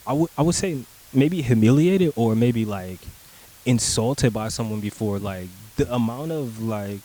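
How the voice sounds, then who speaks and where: A man's voice: mid-range voice, measured pace, mellow, low-quality recording. A young man casually telling a personal story, rambling and profane, with lots of filler words, acting out his own replies. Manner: rambling and profane, heavy use of "like", acts out his own lines.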